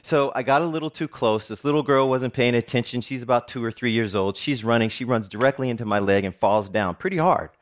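A middle-aged man, a television reporter, telling a personal story in a talk with animated, joking delivery. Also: fairly quick, few pauses. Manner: animated, jokey storytelling with big pitch swings.

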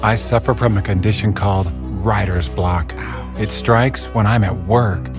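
A man voicing an ad pitchman who rattles off a rapid disclaimer over a music bed. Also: fairly even intonation. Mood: upbeat. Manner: fast, bright disclaimer patter. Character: adult male pitchman in a drug-ad parody, chipper. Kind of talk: comedic ad read.

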